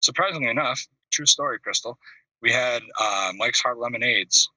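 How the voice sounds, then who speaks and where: A man telling a long, animated funny story on a video call, acting out voices and laughing at his own tale. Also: medium pitch, normal speed, no echo. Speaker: call-in show host. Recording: dry video call audio, distant from the mic.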